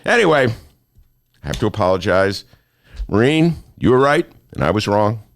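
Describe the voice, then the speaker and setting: A man's voice: lowish voice, big pitch swings, normal speed, creaky, dry recording. A man hosting a talk show in a studio, joking and self-mocking in a playful monologue. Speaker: host.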